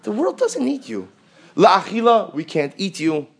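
A man's voice: high-pitched, very animated, a little slow, gravelly, breathy edge, pitched above the performer's own voice, exaggerated voice. Stern old patriarch, blunt and dismissive, quoted in a talk, voiced by a man.

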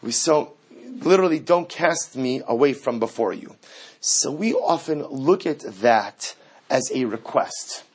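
A man delivering an impassioned sermon as a rabbi, building from quiet reflection to fervent, near-shouted pleading. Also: medium pitch, animated, measured pace, slightly rough.

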